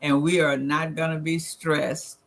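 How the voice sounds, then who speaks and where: A man with a Southern US accent speaks in a bright, slightly high voice. He presents an earnest, plain-spoken talk at a church gathering and reads verses aloud in the same teaching tone. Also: little pitch movement, a little slow, a little hiss or hum. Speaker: guest presenter. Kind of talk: church financial talk with slides.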